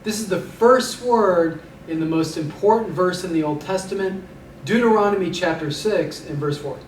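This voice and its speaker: A man's voice: sits high, moderate pace. A man teaching Hebrew vocabulary in a recorded lecture, repeating each word for drilling and slipping in dry puns. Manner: dry punning humor, drills words by repeating them. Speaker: Hebrew instructor. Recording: echoey room, mic at a distance, faint background noise.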